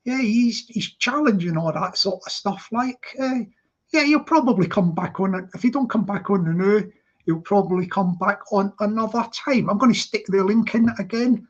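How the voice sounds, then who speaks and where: A man's voice: high-pitched, normal speed. Rambling live-stream host man, lo-fi sound. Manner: rambling, repeats words, laughs often. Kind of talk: casual live stream chat. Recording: dull lo-fi stream audio.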